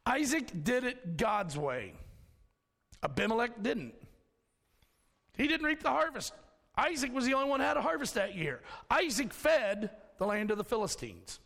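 A man preaching a sermon, with a high, gravelly voice that swings widely in pitch. He tells homely stories and chuckles at his own jokes, and his voice rings with long reverb. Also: sing-song, normal speed, a bit bright. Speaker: pastor.

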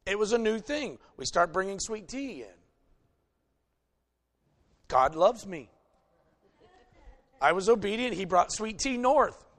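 Folksy high-voiced preaching man. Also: takes it slowly, long pauses. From American South. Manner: folksy, joking, animated preaching. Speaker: pastor. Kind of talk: sermon.

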